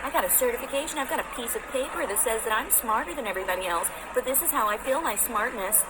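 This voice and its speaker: A woman's voice: a little high, lively intonation, fast, pitched above the performer's own voice, close to an everyday voice. Smug condescending official, put on by a woman, raised sing-song voice, sarcastic mockery, noisy recording. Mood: mocking. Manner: sarcastic mocking impression.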